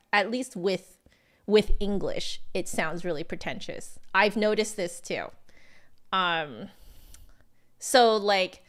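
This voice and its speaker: A woman with an American accent, a flutist chatting casually with livestream viewers and answering their comments, friendly and full of ums and likes. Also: mid-range voice. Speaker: flutist streamer.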